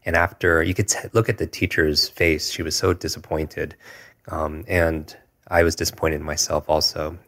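A man in his forties, a guest telling a personal story in an earnest, reflective way, often pausing with fillers. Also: a bass voice, flat delivery, a bit bright. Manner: earnest, reflective, with frequent hesitations and filler words.

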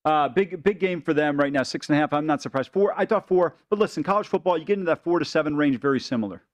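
A man co-hosting a casual sports betting chat, talking fast and animated with many stammered restarts. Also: on the high side, highs cut off.

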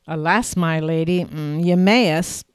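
A woman's voice: low-pitched, takes it slowly, clean tone, no room sound. A woman voicing a playful, charming young man who teases in mock-archaic speech.

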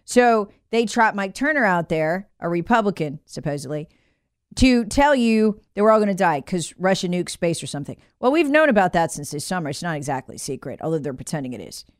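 A woman with a fairly low, sing-song voice speaks briskly, recorded dry and clean in a studio. She hosts a political commentary show, sarcastic and opinionated, and mocks public figures by putting on voices.

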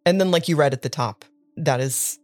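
Low-voiced chatty woman. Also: normal speed, no room sound. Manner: chatty recapper, swears, laughs often. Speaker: podcast co-host. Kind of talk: casual chat.

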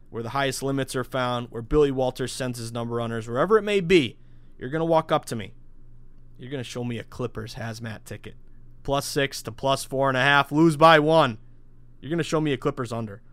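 A man in his thirties hosting a sports betting podcast alone, talking in a hyped, salesy rush with sudden loud bursts. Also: medium pitch, dry recording. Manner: hyped, salesy, rapid-fire with bursts of shouting. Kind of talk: solo podcast monologue.

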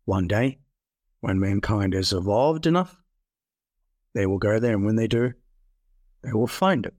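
A man voicing a gentle, compassionate God while telling a parable, speaking calmly and patiently. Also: on the low side, a little slow, no echo, clean studio sound. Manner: calm, patient, softly spoken.

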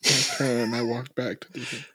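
A man's voice: medium pitch, little pitch movement, brisk, a bit bright, breathy edge, dry recording. Stammering man at a game table. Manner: hesitant, stammering. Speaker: player. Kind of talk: tabletop role-play.

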